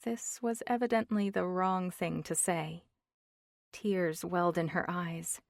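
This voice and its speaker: A woman narrating an audiobook in an even, measured reading. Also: fairly low pitch, vocal fry, dry recording, studio quality. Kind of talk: scripted narration.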